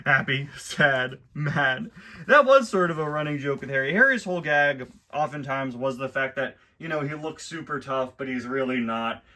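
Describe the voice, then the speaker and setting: Bright-voiced chatty man reading aloud. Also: mid-range voice, animated, normal speed. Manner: chatty and wry, with frequent laughs and asides. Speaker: host reviewing a children's book. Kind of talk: casual commentary, reading aloud.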